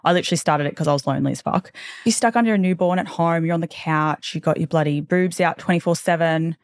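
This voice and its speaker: A woman's voice: quick pace, dry recording. A woman in her thirties hosting a podcast, talking in a candid, chatty way with casual swearing and tangents. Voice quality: low, not girly voice. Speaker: podcast host. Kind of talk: casual chat.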